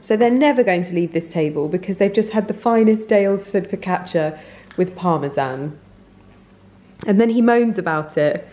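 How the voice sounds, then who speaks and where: A woman's voice: on the low side, expressive, normal speed, mellow. Gushing woman vlogging at home. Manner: gushing, rambling, searches for words. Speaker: lifestyle vlogger. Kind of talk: casual chatty vlog. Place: home, indoors.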